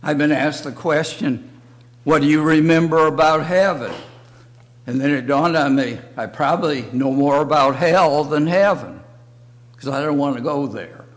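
An older man teaching a church Bible lesson in slow, halting short phrases. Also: mid-range voice. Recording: long reverb of a hall.

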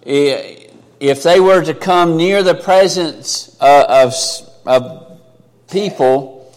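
A man preaching a sermon in an earnest, conversational way, rising for emphasis and dropping low and quiet for asides. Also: in a large hall. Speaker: pastor.

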